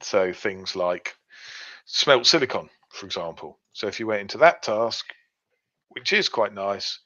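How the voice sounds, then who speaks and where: A man's voice: lowish voice, animated, a little slow, pushed and bright. Guy explaining stuff with lots of ums, kinda dull lo-fi recording. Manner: explains step by step, many fillers. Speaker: podcast co-host. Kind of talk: casual explanatory chat. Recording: dull lo-fi sound.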